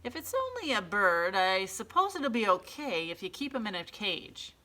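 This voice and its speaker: A woman's voice: medium pitch, big pitch swings, normal speed, pushed and bright, voice pushed up. A woman voicing a puzzled, good-natured male policeman who talks in a folksy, easygoing way.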